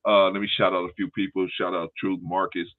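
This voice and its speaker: A low-voiced older man hosts a loose talk show over a tinny, phone-like line. He tells stories with animated energy and swears freely. He jumps into the voices of the people he is quoting. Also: brisk. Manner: animated storyteller, swearing, acting out quotes. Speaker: host. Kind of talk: casual panel chat.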